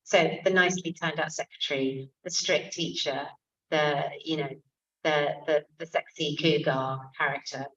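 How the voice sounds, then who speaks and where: Low-voiced woman in her 60s telling stories at a book event, lively asides, sounds far off and muffled. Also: a little hiss or hum. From England. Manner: lively storytelling with quick asides and fillers. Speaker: author and comic actress, event guest. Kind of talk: conversational talk at a book event. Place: bookshop event room. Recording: distant, muffled event recording.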